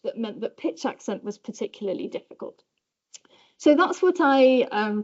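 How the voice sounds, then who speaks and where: A woman's voice: mellow, dull audio. Chatty Southern English woman lecturing. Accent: Southern British English. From south of England. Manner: chatty, self-deprecating, demonstrates pitch by example. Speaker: professor giving a lecture. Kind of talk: academic lecture. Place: lecture hall.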